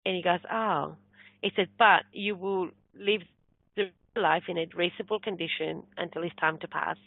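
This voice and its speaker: A woman's voice: on the low side, fairly even intonation, moderate pace, no room sound. A woman, a spiritual medium, telling a story in a casual interview and acting out the people she quotes. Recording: dry, phone-like narrow sound.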